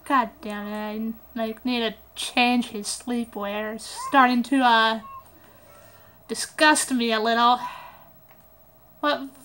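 Woman, high voice, slow unhurried delivery, casual game commentary, excitable, swears a lot, phone mic. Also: smooth. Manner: excitable, swears often, giggly outbursts. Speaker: gameplay commentator. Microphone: phone recording app.

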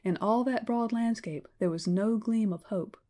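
Mellow woman reading an audiobook. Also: on the high side, normal speed. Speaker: audiobook narrator. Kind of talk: scripted narration.

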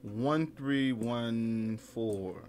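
A young man streaming a horror game, loud and jumpy at the scares, full of slang and swearing, muttering to himself as he explores. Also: medium pitch, very slow, a little hiss or hum. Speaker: gaming streamer. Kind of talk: horror gameplay commentary.

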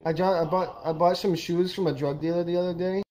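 A man's voice: fairly high pitch, steady tone, a little fast, dark tone. A man streaming with friends who tells jokes casually, laughs often, swears and restarts his sentences, speaking into a headset mic. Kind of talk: casual joke telling with friends.

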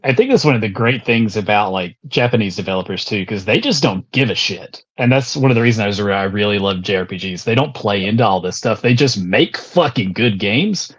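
A laid-back man on a podcast who rambles and searches for words. His voice is husky and fairly low, and it comes through dull, muffled lo-fi audio. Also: lively intonation, a little fast, hardly any pauses. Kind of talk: casual podcast chat.

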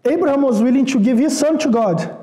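Guy preaching a sermon, really high mellow voice, chatty, repeats stuff for emphasis. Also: a little fast. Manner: conversational, repeats words for emphasis; asks the congregation rhetorical questions. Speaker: pastor.

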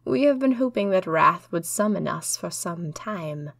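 A woman voicing an eerie being in a beaked plague mask, speaking slowly and solemnly. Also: on the low side, expressive, gravelly, no room sound, clean studio sound, exaggerated voice.

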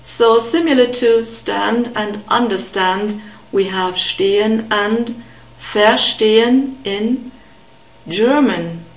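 A woman teaching a beginner language lesson, carefully modeling sounds and repeating words slowly. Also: mid-range voice, reverberant, rough recording. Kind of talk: slow, deliberate pronunciation lesson.

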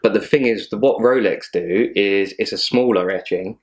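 A man's voice: fairly low pitch, moderate pace. A man co-hosting a watch channel, chatting casually and rambling, laughing often and swearing now and then. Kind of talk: casual chat.

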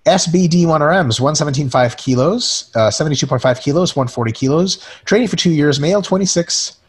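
A man's voice: a little high, expressive, a little fast, breathy edge. A man co-hosting a webinar, chatting casually and profanely, joking around and reading viewer questions aloud. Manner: swears freely, jokey, reads questions aloud. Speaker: podcast co-host.

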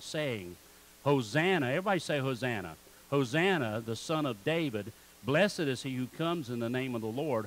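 A man's voice: mid-range voice, a little hiss or hum, poor audio. A man preaching a sermon in church as pastor, calling on the congregation to repeat words back. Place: church sanctuary.

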